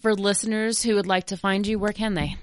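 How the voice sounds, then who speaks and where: A woman's voice: mid-range voice, steady tone, brisk, no echo. A woman co-hosting a podcast, teasing and sarcastic in casual chat. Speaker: podcast co-host.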